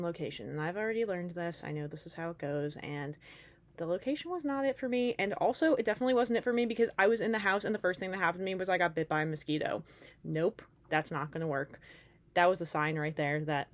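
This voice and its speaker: Chatty woman vlogger with a lowish voice. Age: late 20s. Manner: rambling and chatty, with many fillers and asides. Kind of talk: casual chat to camera.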